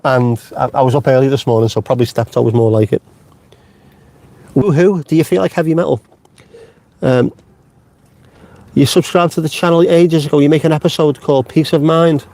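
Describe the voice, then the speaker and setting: A man's voice: on the high side, fairly quick, long pauses, darkish tone, no room sound. A middle-aged man hosting a casual live stream from inside his car, chatty and jokey, swearing freely and wandering off on tangents. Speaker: vlogger host.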